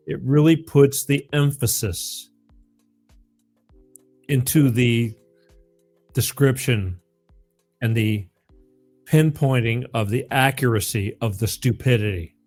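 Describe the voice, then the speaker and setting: A man's voice: mid-range voice, darkish tone. A man hosting his own opinion show, talking emphatically, stumbling over words and restarting. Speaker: podcast host. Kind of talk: opinionated political talk.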